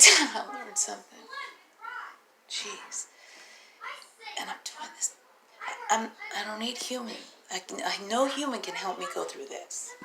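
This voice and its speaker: A woman's voice: medium pitch, creaky, background noise. A tired single mother talking straight to her phone camera in a raw, profane, rambling vlog, laughing to herself between thoughts. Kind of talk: raw unscripted vlog monologue.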